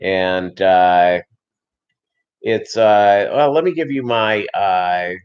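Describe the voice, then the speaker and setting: A man's voice: on the low side, very slow. A man hosting a fish-keeping channel, chatting casually and rambling with many fillers on a live stream. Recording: dull lo-fi sound.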